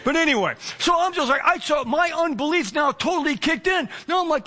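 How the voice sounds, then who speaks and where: Male pastor, very high bright voice, animated storytelling sermon. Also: brisk, hardly any pauses. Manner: animated storyteller, acts out quotes.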